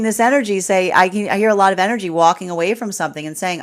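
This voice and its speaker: Woman, lower pitch, tarot reader, live astrology reading, rambling, lots of fillers, laughs often. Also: quick pace.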